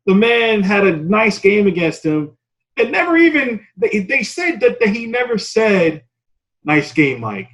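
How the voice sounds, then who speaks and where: A male interviewer with a high voice chats casually and tells a sports story with enthusiasm. He sounds like a host keeping an easy conversation going. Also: animated, a little slow, a bit bright, poor audio.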